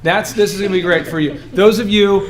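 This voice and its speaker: A man coaching a room of business owners, animated and joking, often acting out the voices of people he describes. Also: high-pitched, a little fast, a crowd in the background. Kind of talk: coaching workshop talk.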